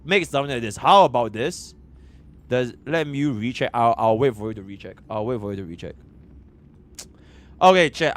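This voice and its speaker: A man from Singapore with a Singaporean English accent, streaming a game account review in an excitable, profane way that swings between loud bursts and muttering. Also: mid-range voice.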